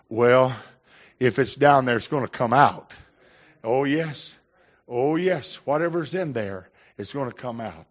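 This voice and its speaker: An older male pastor delivers a sermon in a folksy, storytelling way. He swells into emphatic declarations between anecdotes. The recording is slightly dull and muffled. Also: lowish voice.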